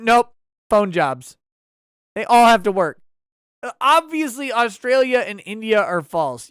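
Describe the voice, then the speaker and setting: A man's voice: high voice, a bit bright, smooth, no echo, clean studio sound. A man hosting a casual livestream talk show and reading viewer messages aloud with sarcasm and mock outrage.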